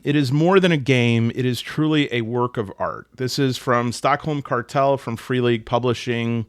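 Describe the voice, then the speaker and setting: A man's voice: medium pitch, a bit bright, smooth, no room sound, clean studio sound. An American man hosting a solo tabletop gaming channel, chatting to camera in a joking, self-deprecating way and dropping into silly voices for quotes. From United States. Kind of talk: casual chat to camera.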